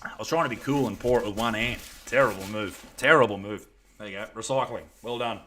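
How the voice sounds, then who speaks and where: A man's voice: mid-range voice, fast talker, fairly bright tone, slight background noise. An Australian man hosting a live stream, chatting casually with crude jokes. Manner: crude, joking banter. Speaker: comedian livestream host.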